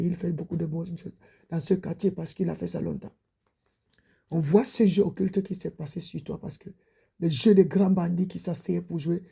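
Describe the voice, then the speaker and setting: A preacher giving a rambling exhortation, repeating "you see" and slowly listing names one after another. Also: mid-range voice, vocal fry, dark tone, husky. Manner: repetitive, prodding with "you see"; slow, drawn-out listing of names.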